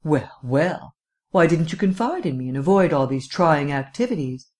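A man voicing a gruff, stubborn male district attorney who speaks in a blunt, exasperated way. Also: a little high, animated, normal speed, darkish tone, lightly acted.

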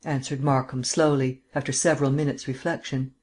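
A man narrating an audiobook in a measured, even manner. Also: medium pitch. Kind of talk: scripted narration.

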